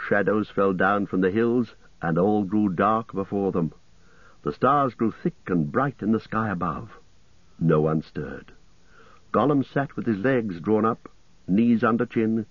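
Low-voiced male audiobook narrator. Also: no echo. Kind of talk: scripted storybook narration. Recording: dull lo-fi, dry.

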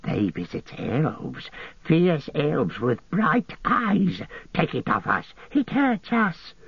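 Hissing, whining Gollum. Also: male voice, on the high side, sing-song, gravelly, breathy edge, no room sound, voice pushed up, exaggerated voice. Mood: whining pleading. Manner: hissing, wheedling whisper, drawn-out words. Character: wretched hissing male creature, whining and sly. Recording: muffled lo-fi audio.

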